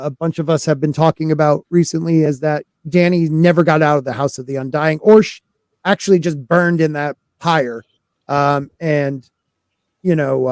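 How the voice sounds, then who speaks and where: A man's voice: a little high, a little mellow, clean tone, no echo, studio quality. A man hosting a casual podcast chat, loose and talkative, greeting live chat viewers as he goes. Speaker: podcast host.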